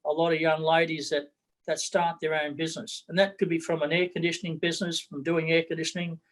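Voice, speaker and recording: A man's voice: on the high side, level tone, fast talker, fairly bright tone, poor audio. A middle-aged man with an Australian accent, a political candidate talking bluntly in an interview, repeating his words as he goes.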